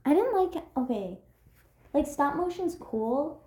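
Young woman, casual co-host, rambling and giggly, higher voice. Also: big pitch swings, takes it slowly, a little mellow. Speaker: podcast co-host. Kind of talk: casual chat about a movie. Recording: echoey room.

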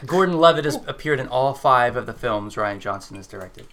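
A man's voice: medium pitch, lively intonation, fairly quick, a bit bright. A man in a casual podcast chat about a film, reading out trivia and giving opinions conversationally. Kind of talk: casual movie discussion.

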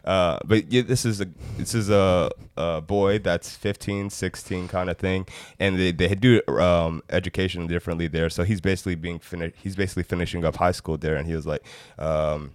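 A man's voice: deep voice, steady tone, normal speed, dry recording, studio quality. A man from Africa telling a story as a podcast guest, hesitant and full of fillers. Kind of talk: casual chat.

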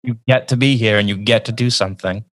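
A man's voice: lowish voice, steady tone, quick pace, fairly bright tone, no room sound. A male guest in casual conversation, speaking earnestly and often repeating words as he goes.

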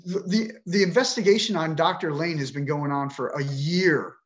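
A man's voice: a little high, moderate pace, echoey room. A middle-aged man telling his own story on a podcast, emotional, frustrated and indignant, with frequent swearing. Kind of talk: emotional personal account.

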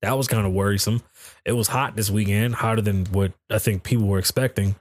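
A man's voice: lowish voice, steady tone, brisk, no room sound. Blunt, profane man podcasting solo. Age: adult, calls himself too old for festivals. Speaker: podcast host. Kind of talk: casual solo podcast commentary. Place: home in Las Vegas.

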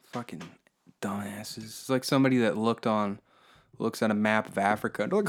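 A man's voice: lowish voice, steady tone, moderate pace. Rambling, foul-mouthed man ranting. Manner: rambling, profane, mocking. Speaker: podcast host. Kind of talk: solo comedy podcast monologue.

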